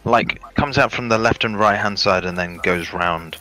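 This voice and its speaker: Deep, bright-toned man chatting. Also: normal speed, faint music behind, low-quality recording. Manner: earnest, explaining carefully. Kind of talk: casual livestream chat.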